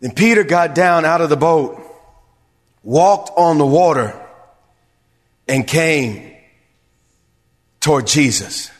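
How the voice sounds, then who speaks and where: A man's voice: a little high, lively intonation, slow pace, pauses often. A man, a pastor, preaching a sermon to his church, building to emphatic calls and asking the congregation if they hear him. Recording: long reverb of a large hall.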